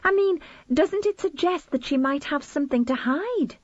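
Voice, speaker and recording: Brief: woman reading as an inquisitive, insistent mother for an audiobook; lively pitch, dry close sound. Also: moderate pace, dry recording. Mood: probing. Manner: prying, insistent questions. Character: inquisitive middle-aged mother, probing. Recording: slightly dull lo-fi recording.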